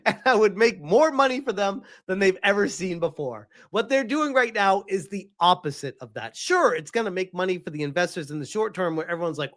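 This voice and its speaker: An exasperated man tearing into his subject on a live stream, swearing again and again. His pitch leaps and dives as he rants, very animated and full of heat. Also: brisk, hardly any pauses. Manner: heated, profane, exasperated. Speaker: gaming streamer.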